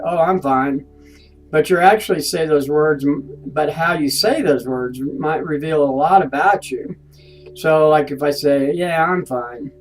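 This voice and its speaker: A man delivers a recorded course lecture in a somewhat high voice. He talks haltingly, often restarting words and filling pauses. Soft guitar music plays faintly behind him. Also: low-quality recording. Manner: halting, frequent restarts and fillers. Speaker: instructor.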